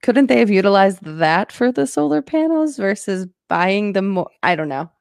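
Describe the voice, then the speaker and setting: A woman's voice: medium pitch, big pitch swings, moderate pace, vocal fry, dry recording. Woman guest on a podcast, kinda hesitant, laughs a lot, dry close sound. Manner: hesitant, laughing, thinks aloud. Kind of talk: casual podcast chat.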